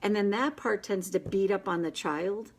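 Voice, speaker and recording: A woman hosting a casual live session, coaching a group in an earnest, gentle and encouraging way, with quick asides. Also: mid-range voice, vocal fry, slightly rough. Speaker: inner child tapping coach, host.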